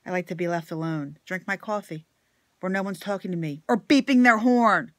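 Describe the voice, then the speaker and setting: A woman venting in an angry, profane rant to her viewers, blunt and swearing often, swinging between loud outbursts and quiet asides. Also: lowish voice, moderate pace, dry recording, clean studio sound. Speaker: vlogger. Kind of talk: profane ranting monologue to camera.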